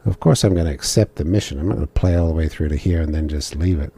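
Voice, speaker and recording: A man's voice: extremely low pitch, fast talker, gravelly, dark tone, slightly rough. A man giving casual, joking commentary while playing a video game, talking to himself as he goes. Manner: chatty, joking asides to himself. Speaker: gamer.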